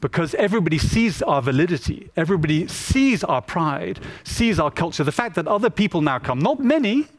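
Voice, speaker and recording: A man giving a public talk as a photographer, telling stories in an animated way and acting out the people he quotes. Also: on the high side, fairly quick, few pauses.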